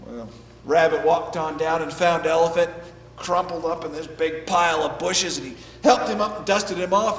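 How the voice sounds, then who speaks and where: A man telling an animal folk tale to an audience in a lively, playful way. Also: on the high side, moderate pace. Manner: lively, playful, shifting voices for characters. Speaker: storyteller. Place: festival stage. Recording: echoey hall, mic at a distance.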